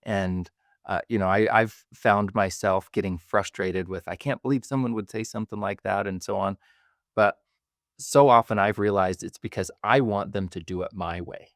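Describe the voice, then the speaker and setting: A man hosting a podcast, speaking in a measured, reflective way with small hesitations. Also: on the low side, no echo, studio quality. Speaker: podcast host. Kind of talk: reflective conversation.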